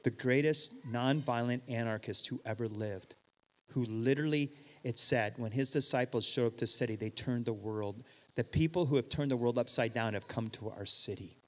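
A middle-aged man preaching a sermon as pastor, telling stories and acting out the dialogue, sometimes loud and sometimes hushed. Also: medium pitch, normal speed. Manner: animated storyteller, acts out dialogue, swings loud and hushed. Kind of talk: sermon with storytelling. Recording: reverberant hall.

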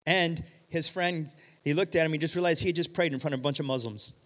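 A middle-aged man preaching a sermon as pastor, telling stories and acting out the dialogue, sometimes loud and sometimes hushed. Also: fairly high pitch, quick pace. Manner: animated storyteller, acts out dialogue, swings loud and hushed. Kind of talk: sermon with storytelling. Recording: reverberant hall.

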